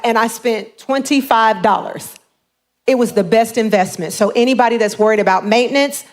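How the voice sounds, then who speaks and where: A woman giving a lively motivational seminar talk on home buying, often acting out the voices of the people she quotes. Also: medium pitch.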